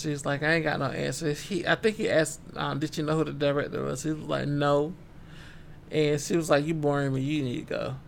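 A man's voice: fairly high pitch, creaky, fairly bright tone, a little hiss or hum. A man co-hosting a casual book-club podcast, retelling a story in laid-back slang and acting out the characters' lines. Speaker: podcast co-host.

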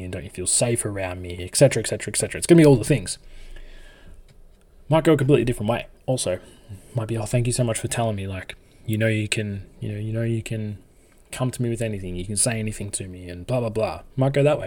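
A man's voice: on the low side, darkish tone. A man giving relationship advice in a casual monologue, blunt and swearing freely as he acts out little scenes of dialogue.

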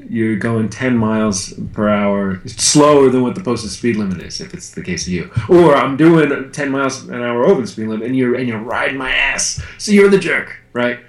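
A man in casual discussion, thinking aloud with hesitant repeats and questions. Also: lowish voice. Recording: echoey room.

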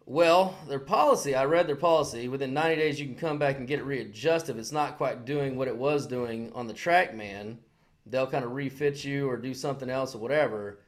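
A man's voice: medium pitch, fairly quick. A man in his forties co-hosting a casual podcast, telling a story heatedly with lots of swearing and mimicking the people he quotes. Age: 40s. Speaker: podcast co-host. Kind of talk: casual chat.

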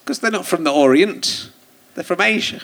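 A man's voice: high voice, lively intonation, normal speed, creaky, a bit bright. A man hosting a live comedy podcast, teasing his guest with dry quips. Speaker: podcast host. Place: theatre stage before an audience.

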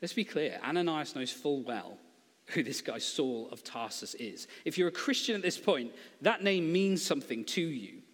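A man's voice: on the high side, expressive, normal speed, breathy edge, big-room sound. A man preaching a sermon in a conversational, humorous storytelling way, acting out quotes.

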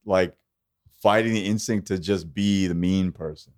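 Calm low-voiced man, dry sound. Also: unhurried, dry recording. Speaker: comedian guest. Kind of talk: casual chat.

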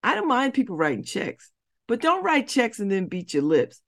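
A woman's voice: fairly high pitch, huge pitch swings, moderate pace, a bit bright. A woman hosting a community radio show, talking bluntly and preachily with rhetorical questions. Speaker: radio host. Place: radio studio.

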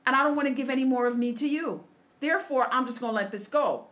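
A woman with a fairly high voice hosting a relaxed talk. She speaks emphatically and backs up her guest often. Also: fast talker. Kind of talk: casual conversation.

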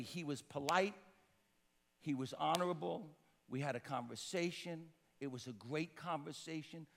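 A male pastor preaching a sermon with a high, bright, forceful voice. He drives his points hard and then drops to a near-hush. The sound rings with a long reverb, as in a church sanctuary. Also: normal speed, creaky, some chatter behind, a little hiss or hum. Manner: emphatic preaching, swings from loud to quiet.

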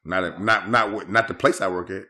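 A man's voice: low-pitched, fairly quick, pushed and bright. A young man in casual podcast chat who laughs often and teases back playfully. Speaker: podcast co-host.

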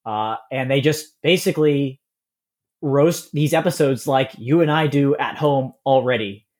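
A man co-hosting a podcast, talking in a relaxed and enthusiastic way with frequent pauses to think. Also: medium pitch. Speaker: podcast co-host. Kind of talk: casual chat.

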